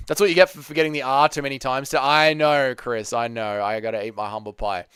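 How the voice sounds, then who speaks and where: A man's voice: medium pitch, brisk, fairly bright tone, clean tone, no echo, clean studio sound. A man hosting a casual livestream Q&A, reading chat questions aloud and bantering back.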